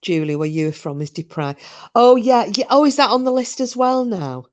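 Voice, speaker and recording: A woman's voice: on the high side, lively intonation, moderate pace. A middle-aged woman, hosting a live stream and chatting casually with viewers, rambling and swearing freely. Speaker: livestream host reading chat.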